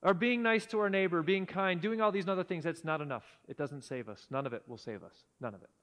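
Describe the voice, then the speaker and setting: Male preacher, high-pitched voice, earnest with hushed drops, in a church hall with a long echo. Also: fast talker. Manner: earnest, drops to a hushed low voice at key points. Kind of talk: sermon. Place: church sanctuary.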